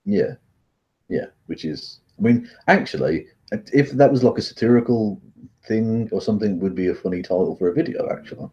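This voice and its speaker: A man co-hosting a casual talk show, joking and teasing his co-host with a husky voice. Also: on the low side, normal speed, dark tone. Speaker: podcast co-host. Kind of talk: casual chat. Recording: dull lo-fi audio.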